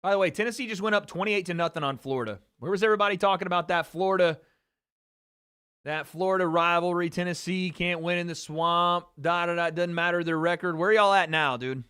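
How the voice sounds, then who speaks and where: A man's voice: high-pitched, brisk, clear, resonant tone, no echo, clean studio sound. Chatty, swearing young male livestream host. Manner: chatty, excitable, swears freely. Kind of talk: casual live fight-watching commentary.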